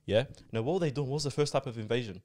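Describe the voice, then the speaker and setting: A man's voice: mid-range voice, racing, darkish tone, no room sound. A man in casual podcast chat, explaining at length with many fillers and asides. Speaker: podcast co-host.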